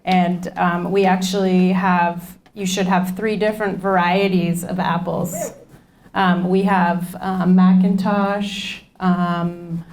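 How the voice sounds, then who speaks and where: A woman's voice: lowish voice, flat delivery, takes it slowly, darkish tone. A woman leading a nutrition class, talking informally to a group and repeating their comments back to them. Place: community class room.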